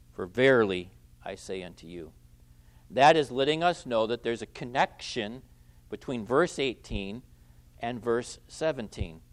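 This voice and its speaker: A pastor delivers an expository sermon in a mid-range voice, loudly stressing and repeating key phrases while letting the ends of his phrases fall quiet.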